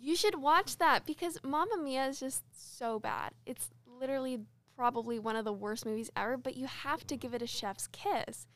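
Teen girl hosting a podcast with friends, bubbly and teasing, smooth clear voice. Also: high voice, moderate pace, few pauses, fairly bright tone. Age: teens. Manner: upbeat, teasing, uses fillers like "like" and "um". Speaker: podcast co-host. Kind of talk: casual podcast chat.

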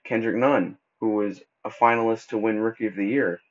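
Casual low-voiced man, lo-fi podcast. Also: fairly even intonation, brisk. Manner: casual, stumbles and restarts often; laid-back slang like bro and dude. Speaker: podcast host. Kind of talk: casual solo sports podcast. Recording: dull lo-fi recording.

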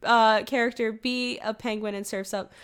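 A woman's voice: a little high, steady tone, normal speed, a bit bright, smooth. A woman co-hosting a casual podcast chat, rambling and often breaking into laughter. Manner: giggly, rambling, frequent laughter. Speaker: podcast co-host.

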